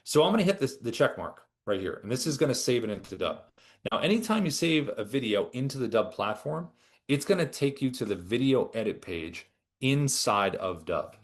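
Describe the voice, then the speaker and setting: Guy walking you through an app, casual and chatty, pitch bouncing all over. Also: normal speed. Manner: relaxed, chatty, with lively ups and downs. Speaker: software product trainer. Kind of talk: casual screen-share tutorial.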